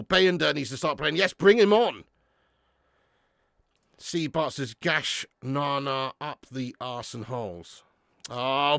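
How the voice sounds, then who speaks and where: A man hosting a live football watch-along, swearing freely, getting excited and reading out viewer comments. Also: a little high, creaky, dry recording, studio quality. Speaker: fan channel host.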